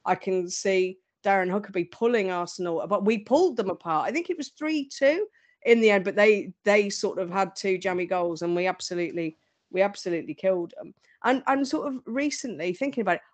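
Woman reminiscing, animated storyteller, plain mid voice. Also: mid-range voice, fairly quick. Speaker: guest. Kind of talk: casual fan chat.

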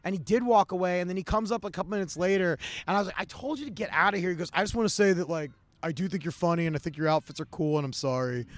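A man, a comedian, telling stories in casual podcast chat, animated and acting out other people's voices. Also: racing, hardly any pauses, dry recording. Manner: animated, acts out other people with big pitch jumps.

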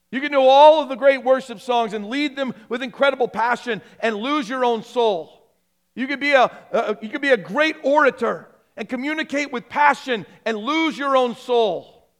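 A male pastor delivers a sermon in a high voice. He preaches with passion, then drops to a soft, low tone as he leads a prayer.

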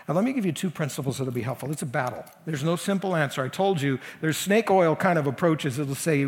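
A man's voice: mid-range voice, fairly quick, long reverb tail. A man preaching a sermon as senior pastor, talking to the congregation in a conversational and emphatic way. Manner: conversational, emphatic, leans into quoted voices.

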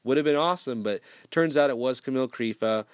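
A man's voice: medium pitch, quick pace, clean tone, dry recording. A man giving a casual film review, rambling and swearing freely, with frequent restarts.

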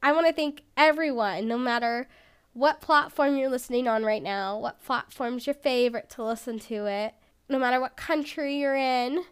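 Woman podcast host, high clear voice, casual rambling chat, self-deprecating. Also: moderate pace.

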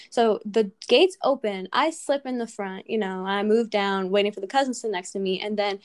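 A young woman guesting on a casual podcast, chiming in with her side of a story. She speaks in a middle pitch, chatty and quick, with playful quoted lines. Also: fairly even intonation.

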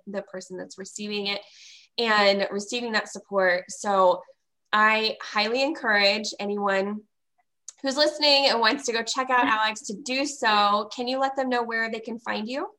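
A woman's voice: medium pitch, pushed and bright. Gushing woman podcast host. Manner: gushing, enthusiastic. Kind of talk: casual interview chat.

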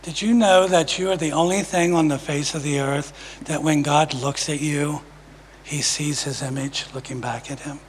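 Male preacher, high voice, emphatic testimony, hushed drops, church reverb. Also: steady tone, normal speed, slight background noise. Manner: emphatic, swings from loud to hushed. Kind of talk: sermon testimony. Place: church sanctuary. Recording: long reverb of a church hall.

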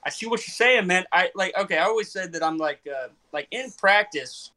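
A man's voice: high-pitched, animated, a little fast, bright, forceful tone. A young man hosting a casual podcast chat, rambling and questioning himself with many restarts. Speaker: podcast host and comedian.

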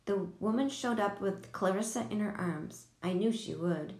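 A woman narrating a children's storybook in a steady, plain first-person manner. Her voice has a gravelly edge at mid pitch. The recording sits in an echoey room. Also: normal speed. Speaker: audiobook reader.

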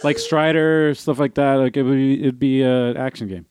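A man hosting a gaming podcast in casual chat, relaxed and bantering with frequent swearing. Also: mid-range voice, normal speed, crowd noise.

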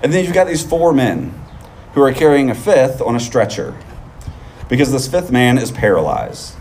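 A man of middle pitch preaches outdoors in a loose, conversational way. He keeps checking in with his listeners. A faint hiss of noise sits under his voice. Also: animated, normal speed, darkish tone. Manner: conversational, often adds "right?". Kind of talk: sermon. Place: outdoors on a field.

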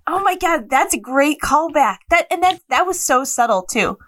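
A woman co-hosting a casual podcast, excitable and gushing in her reactions. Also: sits high, dry recording, studio quality. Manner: excitable and gushing, quick to laugh. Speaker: podcast co-host.

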